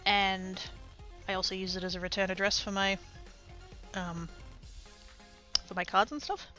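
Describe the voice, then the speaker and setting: A woman's voice: mid-range voice, level tone, measured pace, bright, forceful tone, soft background music. A woman with an Australian accent chatting casually on a live stream, rambling, laughing often and swearing casually.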